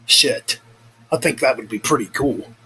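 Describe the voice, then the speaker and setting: A man's voice: medium pitch, unhurried, bright, forceful tone, husky, poor audio. Rambling, cursing man in a casual vlog. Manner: rambling, profane, self-correcting. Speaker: vlogger. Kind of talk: casual chat.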